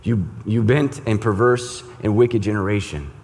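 A deep-voiced preacher acting out a frustrated grown teacher who scolds his slow followers, raised and emphatic. The voice rings with a long reverb, as in a big hall. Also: darkish tone, lightly acted. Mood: exasperated.

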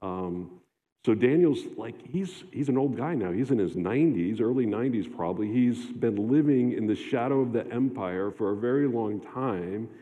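A man preaching a sermon as a pastor, talking conversationally with halting restarts and fillers. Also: medium pitch, lively intonation. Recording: long hall reverb, dull lo-fi sound.

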